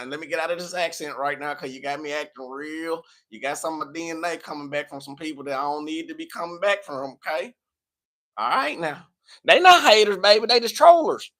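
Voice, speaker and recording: A man's voice: fairly high pitch, expressive, fast talker, pushed and bright. A man from Tennessee with a Southern accent, a tarot reader chatting live in a playful, preachy, scolding way. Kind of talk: live tarot reading chat.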